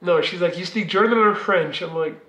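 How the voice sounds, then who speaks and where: A man from Belgium, in his thirties, rambles through a personal story for his vlog. His voice sits a little high for a man and he swears casually. The room rings with a noticeable echo. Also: normal speed, fairly bright tone, muffled recording. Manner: long-winded, rambling, swearing. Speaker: vlogger. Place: living room.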